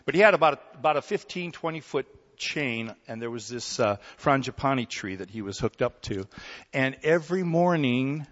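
A man preaching a sermon in a relaxed, conversational way, telling stories and often checking in with his listeners. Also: medium pitch, normal speed. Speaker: pastor. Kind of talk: sermon with storytelling. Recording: dull recording in a hall with long reverb.

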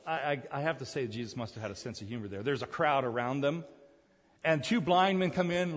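A man preaching a sermon, telling the story in an animated way, acting out the crowd's voices and laughing often. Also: medium pitch, brisk, big-room sound, muffled recording.

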